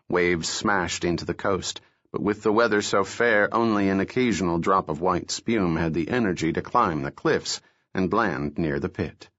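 A man narrating an audiobook in a steady, measured storytelling manner. His voice sits fairly low, and the recording sounds dull and lo-fi.

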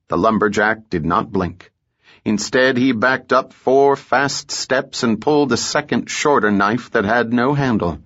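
A man narrating a story in a measured, even way, in a muffled audiobook recording. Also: mid-range voice. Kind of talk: scripted narration.

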